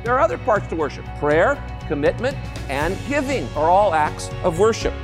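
A man preaching a sermon as pastor, emphatic and animated, with playful asides to the congregation. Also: high voice, normal speed, in a large hall, music in the background.

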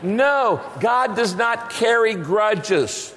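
Animated storytelling pastor with reverb. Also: male voice, sits high, extremely slow. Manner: storytelling with comic timing. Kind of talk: sermon.

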